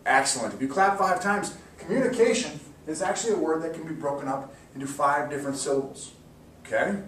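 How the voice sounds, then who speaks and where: A man giving an encouraging mock classroom lesson, slowly sounding out words for students. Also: on the high side, fairly bright tone. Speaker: teacher. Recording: echoey room, distant mic, faint hiss.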